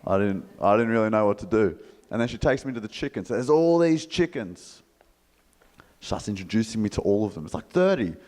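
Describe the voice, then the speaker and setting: On stage in a reverberant hall, an Australian motivational speaker with a somewhat low voice tells a joking story at a slightly fast clip. He's animated in front of the live audience and voices the story's characters himself.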